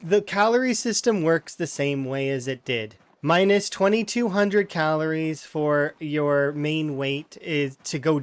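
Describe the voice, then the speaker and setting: A streamer with a slightly high, clear, resonant voice gives casual, rambling commentary while playing a game, recorded dry. He often restarts his words and brushes off complaints.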